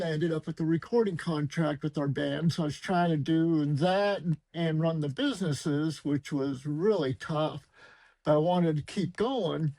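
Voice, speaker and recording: Guy with a gravelly kinda high voice telling his story, lots of you-knows, dry close sound. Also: darkish tone, dry recording, low-quality recording. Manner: conversational, with fillers. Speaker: podcast guest. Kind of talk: casual storytelling.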